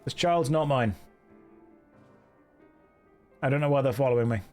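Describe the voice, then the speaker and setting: A young man giving casual live commentary on a game he is streaming, with dry, sarcastic running jokes, talking from a warm indoor room. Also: mid-range voice, moderate pace, soft background music.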